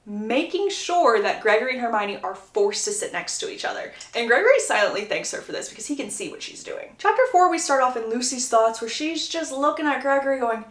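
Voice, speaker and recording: A woman content creator recapping a book plot in a chatty, animated storytelling manner. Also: a little high, brisk, hardly any pauses. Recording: roomy echo.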